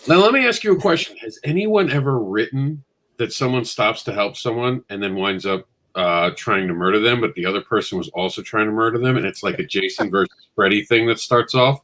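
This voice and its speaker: A man hosting a casual chat, joking and excitable, quick to mock himself. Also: fairly low pitch. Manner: joking, excitable, self-mocking. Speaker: host.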